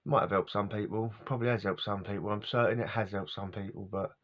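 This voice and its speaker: Rambling middle-aged man, low voice. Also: fairly even intonation, fast. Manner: casual and wandering, laughs often, loses his words. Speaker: vlogger. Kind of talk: rambling personal storytelling. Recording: dull lo-fi recording.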